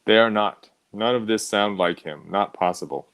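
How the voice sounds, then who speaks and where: A low-voiced man plays a bit-part actor in a staged reading, his words clipped and broken in a put-on fake accent, as a man acts him out. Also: normal speed, a bit bright, smooth, dry recording, close to an everyday voice. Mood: insistent. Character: adult man Willis Wu, an actor cast as a stereotype.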